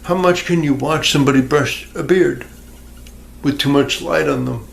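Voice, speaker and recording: A YouTuber rambles casually to his viewers in a crude, self-mocking home vlog, filmed near a fish tank indoors on his camera's microphone. His voice sits a little high and creaks, his pace is normal, and a faint hiss or hum runs underneath.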